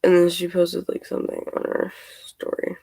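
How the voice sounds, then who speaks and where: A woman's voice: lowish voice, completely flat delivery, normal speed, gravelly, warm tone, husky, no room sound, poor audio. A young woman vlogging from a couch at home, venting in an exasperated rant and retelling texts in a casual way.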